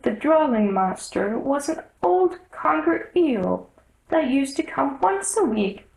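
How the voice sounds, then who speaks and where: A woman voicing a sad, sighing male Mock Turtle in a storybook reading, in a high, wavering, mournful voice. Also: very animated, takes it slowly, gravelly, echoey room, exaggerated voice, poor audio.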